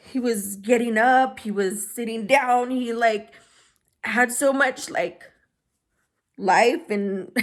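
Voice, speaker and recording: A woman vlogger telling a personal story to camera, soft-spoken and halting as she searches for words, grieving and holding back tears. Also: fairly high pitch. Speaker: beauty vlogger.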